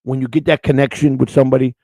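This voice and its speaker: A man's voice: medium pitch, level tone, very fast, warm tone, breathy edge, no room sound. A man hosting a live-streamed show, talking in a rambling, emotional way, repeating words and getting choked up. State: emotional, near tears. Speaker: show host.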